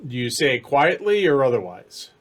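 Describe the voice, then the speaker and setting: A man narrates as dungeon master of a live-play tabletop game. His voice sits in a middle pitch and his delivery is casual. He slips into characters without much change of voice. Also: very animated, moderate pace, fairly bright tone.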